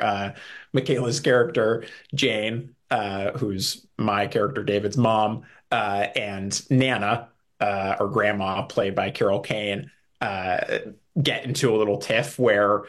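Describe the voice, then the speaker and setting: A man's voice: on the low side, fairly bright tone. A man who acts on a comedy series, chatting in an interview in an upbeat way and laughing often. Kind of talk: casual interview chat.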